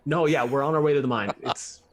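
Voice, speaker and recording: A man's voice: on the high side, fast talker, close to an everyday voice. A man playing an anxious male hobgoblin who stammers, pleads and over-promises to the one who funds him. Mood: pleading.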